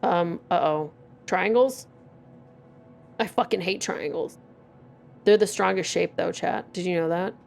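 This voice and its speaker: A woman in her forties streaming a game and talking to her chat, loose and profane with a wry edge. Her voice has a gravelly fry, and faint music plays behind her. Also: fairly low pitch, unhurried, pauses often, darkish tone. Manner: profane, wry, reading game text aloud. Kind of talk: casual gameplay commentary.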